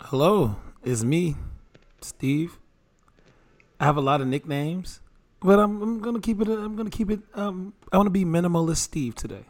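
A man's voice: high-pitched, lively intonation, normal speed. A man co-hosting a casual podcast, playful and teasing, laughing often. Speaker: podcast co-host.

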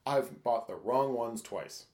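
A man's voice: medium pitch, takes it slowly, a little mellow. A man co-hosting a podcast in casual chat, candid and profane, acting out his own inner dialogue. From Michigan. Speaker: podcast co-host. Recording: roomy echo.

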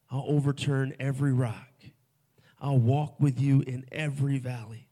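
A man preaching a sermon at a festival, swinging from hushed, soft lines to loud, emphatic ones. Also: medium pitch, steady tone, moderate pace, slightly rough. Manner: dynamic, swings from hushed to shouting. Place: festival stage before a crowd.

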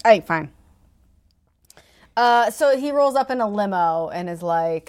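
A woman's voice: medium pitch, expressive, a little slow, a little mellow. A woman co-hosting a laid-back book chat. She talks wryly, giggles often and lets sentences trail off. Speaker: podcast co-host. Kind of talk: casual book discussion.

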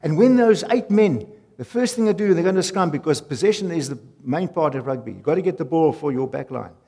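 A man preaching a sermon, emphatic, repeating key phrases and swinging from loud to soft. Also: on the high side, lively intonation, fairly quick, breathy edge. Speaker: pastor. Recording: long hall reverb.

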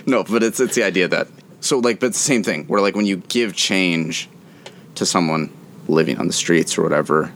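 A man's voice: low voice, moderate pace, a bit bright, slight background noise. A man co-hosting a podcast in casual chat, hesitant and rambling, with many restarts. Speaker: podcast co-host.

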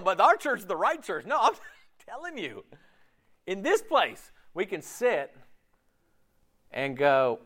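A man preaching a sermon in a conversational, animated way, often slipping into quick voiced asides. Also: sits high. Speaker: pastor.

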